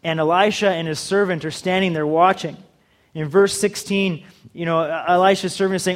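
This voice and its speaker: Guy pastor with a pretty high voice, preaching, jokey and chatty. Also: moderate pace. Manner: humorous, acts out dialogue. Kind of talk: sermon.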